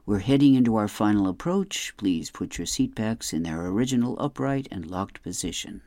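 A man voicing an airline captain making a calm, formal announcement in a comic strip. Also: lowish voice, normal speed, dry recording, clean studio sound.

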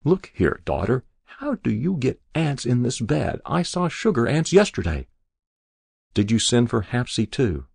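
A male narrator voices a stubborn, sharp-tongued old woman on her deathbed, fully in character as she testily scolds and grumbles. His voice sits fairly low and creaky but swings widely in pitch. The sound is dry and close, with no room around it.

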